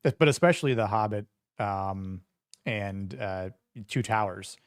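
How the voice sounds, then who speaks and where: A man's voice: fairly low pitch, measured pace, clean tone, dry recording, studio quality. A man co-hosting a podcast in casual chat, rambling with many fillers and restarts. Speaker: podcast co-host.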